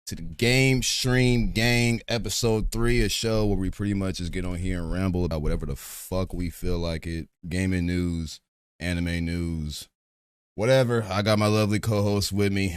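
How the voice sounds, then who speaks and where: A man's voice: low-pitched, steady tone, normal speed, clean tone, no room sound, clean studio sound. A man hosting a loose, rambling podcast, chatting casually and swearing freely. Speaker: podcast host. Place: home streaming setup.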